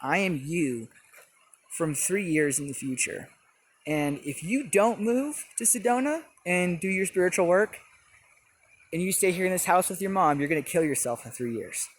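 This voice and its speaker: A man's voice: high-pitched, moderate pace, close to an everyday voice. A man voicing a solemn future version of himself, speaking very seriously. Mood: grave. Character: grave man, a future self.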